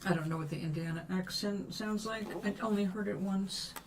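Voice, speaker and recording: A woman's voice: mid-range voice, fairly even intonation, brisk, slight background noise. An older woman chatting casually on a livestream as she paints, musing aloud and answering viewers' questions. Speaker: livestream host. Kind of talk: casual chat while painting.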